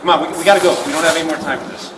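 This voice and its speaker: Impatient male officer, fast commands. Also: fairly high pitch, fairly even intonation. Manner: impatient, pressing, repeated orders. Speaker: police officer. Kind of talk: on-duty commands. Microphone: police body camera. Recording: echoey distant body camera audio with noise.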